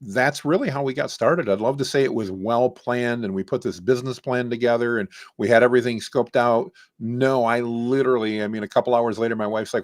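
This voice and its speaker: Man, interview guest, dry close sound, animated storyteller. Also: medium pitch, fairly quick, hardly any pauses, no echo. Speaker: guest, AI trainer.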